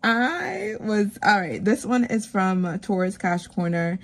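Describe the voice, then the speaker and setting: A woman talks casually to her viewers while she counts bills into savings envelopes. She is a teacher, and she retells her week in a chatty, animated way. Her speech is full of "like" and "um" fillers. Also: medium pitch, slow pace, creaky. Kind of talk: casual chat while stuffing cash envelopes.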